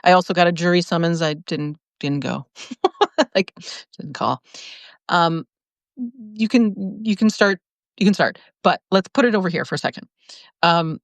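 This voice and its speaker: A woman hosting a live video, reading out viewer comments and answering in an animated way, laughing often and restarting her sentences. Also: on the low side, dry recording. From lived in Chicago, now in California. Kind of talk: casual live-stream talk.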